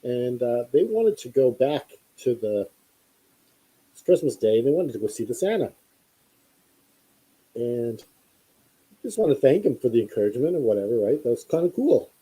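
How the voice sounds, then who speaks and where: A man's voice: medium pitch, big pitch swings, normal speed, pauses often, dark tone, slightly rough, rough recording. A man hosting a podcast, telling a long story in a casual, rambling way with many fillers and restarts. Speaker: podcast host.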